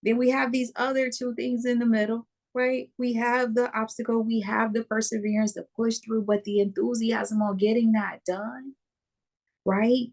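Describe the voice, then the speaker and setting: A woman's voice: on the high side, little pitch movement, normal speed, darkish tone. A woman spiritual coach co-hosting a motivational live chat, speaking emphatically and repeating key phrases.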